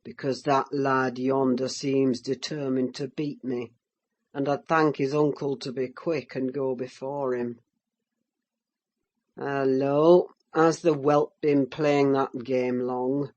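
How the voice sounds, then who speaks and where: A woman voicing a harsh, menacing middle-aged man who scolds his frail son with gruff scorn, in an audiobook reading. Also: a bass voice, level tone, takes it slowly, voice pushed down. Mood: menacing, scornful. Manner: gruff, scornful, growls then bursts into shouts.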